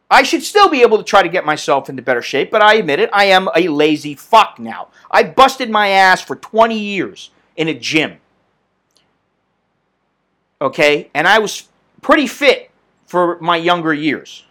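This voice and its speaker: A man's voice: sits high, pushed and bright. A man in his mid-fifties hosting his own podcast, venting bluntly with lots of swearing and rambling restarts. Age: 50s. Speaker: podcast host. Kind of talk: solo podcast rant.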